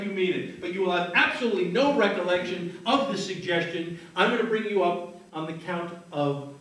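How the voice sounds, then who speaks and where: Stage hypnotist, male, higher voice, soothing patter, taped far from the stage in a reverberant venue. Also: a bit bright. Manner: slow soothing suggestions, then apologetic banter. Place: live venue with audience. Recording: echoey room, taped from afar.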